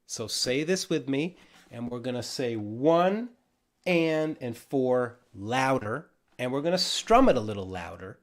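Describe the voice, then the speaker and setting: A man's voice: mid-range voice, a little slow. Encouraging man teaching ukulele. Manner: relaxed, encouraging, counts beats aloud. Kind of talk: livestream music lesson. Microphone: livestream camera mic.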